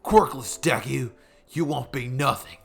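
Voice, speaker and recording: Guy doing a loud angry little kid bully voice, bossy. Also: medium pitch, measured pace, creaky, slightly rough. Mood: yelling. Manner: loud and aggressive. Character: angry bossy six-year-old boy.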